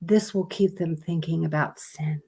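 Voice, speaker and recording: A woman's voice: low voice, unhurried, darkish tone. A woman, chatting casually on a live stream, reading out fun facts to viewers in a rambling, sleepy way. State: sleepy, yawning.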